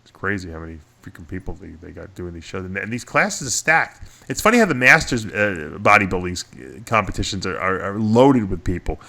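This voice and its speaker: Man, New York accent, middle-aged, low-pitched, bright forceful tone, casual show host. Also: a little fast, gravelly, hardly any pauses. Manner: animated storyteller, laughs at himself. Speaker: podcast host. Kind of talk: casual chat.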